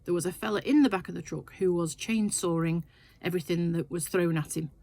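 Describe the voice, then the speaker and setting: Older lady rambling through a story, gravelly voice, chatty and full of asides. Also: on the low side, fairly quick, warm tone. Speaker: sewing vlogger. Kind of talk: casual storytelling chat. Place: her sewing shed, indoors.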